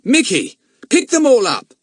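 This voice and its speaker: A man's voice: on the high side, huge pitch swings, moderate pace, husky, no room sound, studio quality, pitched above the performer's own voice, full character voice. A man doing a firm, sensible teenage boy. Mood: stern. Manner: firm, stern. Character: sensible boy with a monkey, young teen.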